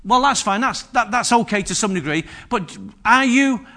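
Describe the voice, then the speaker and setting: An older man delivers a sermon to a church congregation, leaning on personal stories and questions to the room. His voice sits high and sounds bright and forceful. He keeps the telling lively throughout. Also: moderate pace. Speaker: preacher.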